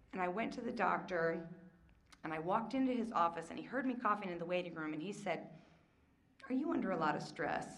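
Candid woman sharing her recovery story. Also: mid-range voice. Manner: candid, self-mocking, swings between hushed and loud. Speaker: recovery workshop speaker. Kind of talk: personal testimony talk.

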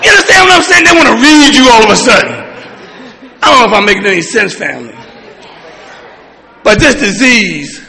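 Man, very high gravelly voice, fervent shouted testimony at a recovery meeting, long hall reverb. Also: sing-song, a little fast, long pauses, a faint crowd. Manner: fervent, often shouting, with a preacher-like rhythm and blunt profanity. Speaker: speaker sharing at a recovery meeting. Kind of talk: impassioned personal testimony.

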